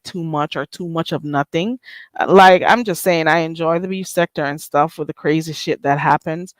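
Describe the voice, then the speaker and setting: A woman's voice: on the low side, dry recording. A woman with a Caribbean accent hosting her own channel, chatting casually and bluntly to her viewers in a sassy, rhetorical way. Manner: blunt, sassy, rhetorical, reads chat names aloud. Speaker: channel host. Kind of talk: casual livestream chat.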